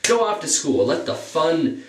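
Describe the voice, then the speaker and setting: A man's voice: measured pace, echoey room, far from the mic. A teenage boy telling a story to the camera in a casual, rambling way, filling every gap with "you know", his nose a little stuffy. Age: teens. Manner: jumps up in pitch on excited parts. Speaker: vlogger.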